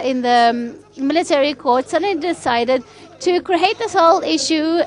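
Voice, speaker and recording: High-voiced woman giving a conference speech. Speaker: conference speaker. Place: conference hall.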